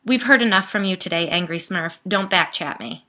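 A bright-toned, bold woman in her early thirties, as a female storyteller puts her on. She sounds cheerful and peppy, yet blunt and commanding, with no patience for rudeness. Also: lowish voice, normal speed.

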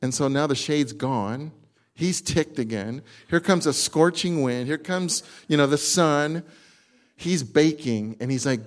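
A man delivers a sermon in a lively storytelling manner, slipping into acted asides and often restarting his phrases. His voice sits in a middle range for a man. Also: medium pitch, unhurried. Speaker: pastor.

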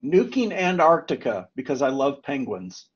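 A man on a podcast panel giving a deadpan, list-like delivery. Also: mid-range voice, moderate pace, husky, lo-fi sound.

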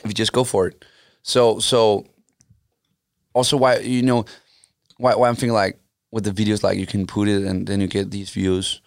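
Eager low-voiced man, halting speech. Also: flat delivery, gravelly, dry recording, clean studio sound. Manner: halting, many restarts, eager. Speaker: YouTuber, podcast co-host. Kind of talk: casual chat.

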